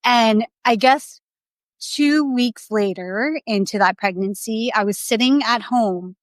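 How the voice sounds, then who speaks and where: A woman's voice: a little high, slow pace, dry recording. A young adult woman as a podcast guest, telling her story candidly in a rambling, casual way with many restarts.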